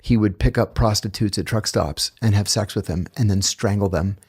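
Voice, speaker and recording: A man, a guest author, telling stories in casual chat, animated and blunt, with the odd curse. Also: fairly low pitch, moderate pace, slightly rough. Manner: animated, blunt, profane storyteller. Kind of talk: casual storytelling in a podcast chat.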